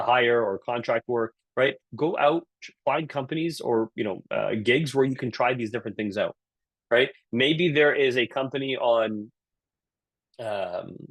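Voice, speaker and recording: A man with a Canadian accent speaks quickly and with energy, leading a live online session. His voice sits at an ordinary middle pitch. The sound is dry and close, with no room around it. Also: no room sound. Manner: energetic, frequent "right?" tag questions. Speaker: career speaker at a virtual session.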